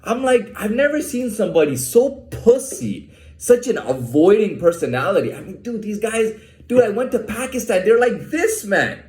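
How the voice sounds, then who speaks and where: A man's voice: high voice, very animated, moderate pace, echoey room. A man ranting in an agitated monologue, swearing a lot and restarting his sentences. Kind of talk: profane monologue to camera.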